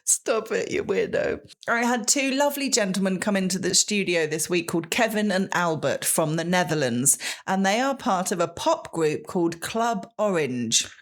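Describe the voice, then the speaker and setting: Woman podcast co-host, chatty animated storyteller, mid-pitched. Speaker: podcast co-host and radio presenter. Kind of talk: casual chat. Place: radio studio.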